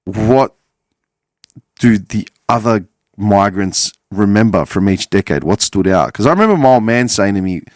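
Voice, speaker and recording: Animated and speaking at a moderate pace, an Australian podcast host in his forties wanders through a casual monologue packed with swearing and self-corrections. He has a lowish voice, and the studio-quality audio has no room sound.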